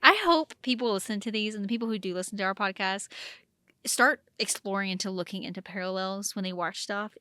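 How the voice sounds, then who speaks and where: A woman co-hosting a casual podcast, talking about a TV drama in an animated way and full of fillers as she acts out lines. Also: mid-range voice, dry recording, clean studio sound. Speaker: podcast co-host.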